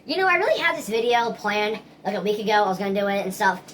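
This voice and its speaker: A woman's voice: mid-range voice, big pitch swings, quick pace, noisy background. A woman talking straight to camera in a casual opinion vlog, earnest and rambling, restarting her sentences often. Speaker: vlogger.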